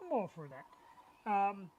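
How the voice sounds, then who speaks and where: A man's voice: high-pitched, sing-song, slow, narrow, tinny audio. A middle-aged man co-hosting a live web show, chatting enthusiastically about his collectibles. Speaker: co-host. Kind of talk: casual live-show chat.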